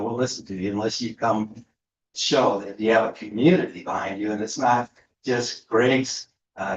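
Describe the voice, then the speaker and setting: A man's voice: mid-range voice, slight background noise. A man giving a lecture to an audience, talking with many fillers and restarts. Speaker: guest speaker. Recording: echoey room, slightly dull sound.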